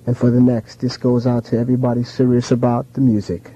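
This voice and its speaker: A male radio DJ reading a steady list of shout-outs, rattling off names one after another. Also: mid-range voice, fairly quick, breathy edge. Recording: dull lo-fi radio recording.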